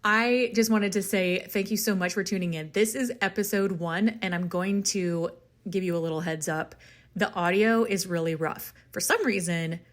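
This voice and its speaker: A woman with a mid-range voice talks at normal speed as she hosts a podcast on a walk up a hill, breathless and recording on a phone. Her casual, stream-of-consciousness chat is upbeat and encouraging, and the recording is dry.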